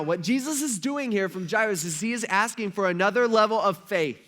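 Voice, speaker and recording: A man's voice: high voice, lively intonation, brisk, few pauses, a bit bright. A male pastor giving a casual, conversational sermon, slangy and acting out the people in the story. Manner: conversational, slangy, acts out quoted voices. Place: church.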